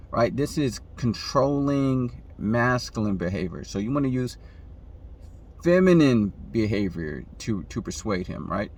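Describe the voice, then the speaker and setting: A man giving relationship advice in a casual monologue, often asking "right?" and acting out the people he quotes with sudden jumps in pitch. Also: sing-song, measured pace, a little mellow.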